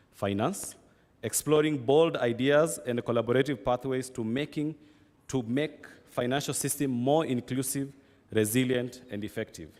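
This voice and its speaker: A man's voice: mid-range voice, darkish tone. A man serving as master of ceremonies, closing a conference in a polite, formal way with frequent fillers. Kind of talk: formal event hosting. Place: conference hall. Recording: long hall reverb.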